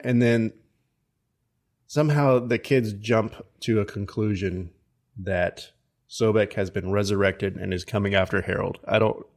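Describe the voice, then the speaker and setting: Low-voiced man recapping a movie. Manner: meandering, many ums and restarts. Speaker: podcast co-host. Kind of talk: casual chat recapping a movie.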